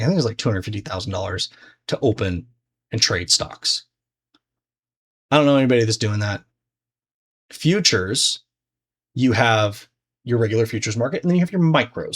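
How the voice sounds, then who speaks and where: A man teaching trading in a loose, conversational way, full of fillers and restarts. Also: mid-range voice. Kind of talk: casual explanatory lesson.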